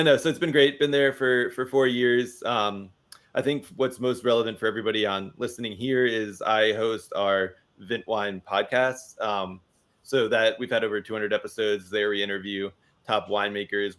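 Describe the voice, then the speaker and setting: A man speaking as a guest in a casual interview, relaxed and self-deprecating, on a podcast studio mic. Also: fairly low pitch, moderate pace.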